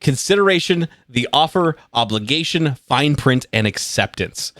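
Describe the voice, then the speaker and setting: A man running a tabletop game as game master, narrating in an animated, playful way. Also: mid-range voice, moderate pace, dry recording.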